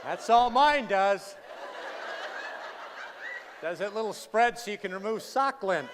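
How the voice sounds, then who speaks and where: A man's voice: sits high, expressive, takes it slowly, fairly bright tone. A man giving a humorous talk to a live audience, telling a story with dry, sarcastic asides and questions to the crowd. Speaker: humorous speaker. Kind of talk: comic keynote storytelling. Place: large hall with an audience. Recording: reverberant hall, faint noise.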